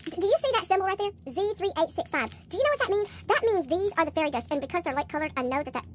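A woman's voice: very high-pitched, expressive, very fast. A woman hosting a craft unboxing, her voice sped up into a chipmunk effect as she gushes and counts items aloud. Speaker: craft video host. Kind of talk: excited unboxing chat.

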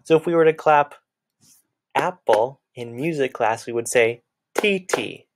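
A man's voice: medium pitch, unhurried. A man teaching a children's music lesson, patiently clapping out words and chanting their syllables.

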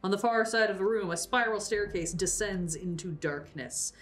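A woman's voice: mid-range voice, moderate pace, slight background noise. Woman narrating as game master. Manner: descriptive narration with frequent laughs and fillers.

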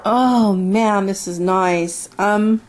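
A woman's voice: medium pitch, extremely slow, slight background noise. A woman casually reviewing a haul of beauty products, gushing and dreamy as she smells each one and lingers over her words.

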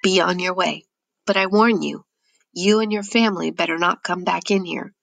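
A woman reading an audiobook, voicing a tired, patient older male gate guard who speaks quietly and firmly. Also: lowish voice, moderate pace, creaky, dry recording.

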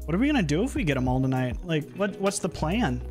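Young man, game streamer, casual chat, frequent swearing, slightly high voice, faint background music. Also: sing-song, fast. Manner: chatty, swears often, reacts loudly in frustration. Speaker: streamer playing a horror game.

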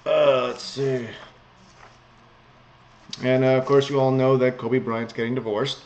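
A man's voice: medium pitch, level tone, fairly quick, a little mellow. Guy going thru old news, blunt and sarcastic, kinda muffled lo-fi audio. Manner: sarcastic, blunt, chuckles often. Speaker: vlogger reading news. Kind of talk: casual news commentary. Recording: slightly muffled lo-fi home recording.

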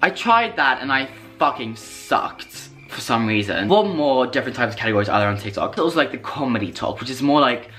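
A young British man vlogging in a bubbly, over-the-top way, hamming up every thought with sass and the odd swear word. His voice sits at an ordinary middle pitch, and clear music plays underneath him. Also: fairly quick, few pauses. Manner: excitable, dramatic and sassy, swears freely. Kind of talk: casual vlog chat. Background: background music.

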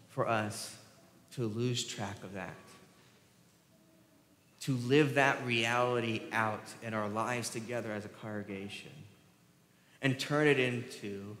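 A man's voice: medium pitch, a bit bright. Man preaching in an echoing church. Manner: preaching with call-and-response questions to the congregation. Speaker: pastor. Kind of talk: sermon. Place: church sanctuary. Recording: roomy church hall with long reverb.

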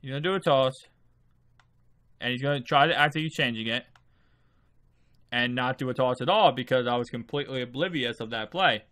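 A man who just woke up and is still sleepy, hosting his video game channel with rambling, casual gameplay commentary and sudden excited outbursts. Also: medium pitch, brisk, pauses often.

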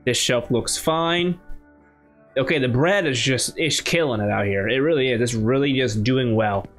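A man's voice: mid-range voice, moderate pace, faint music behind. A man from the United States giving chatty, casual commentary while playing a game, thinking aloud with many restarts. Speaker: gaming channel host. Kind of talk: casual let's-play commentary.

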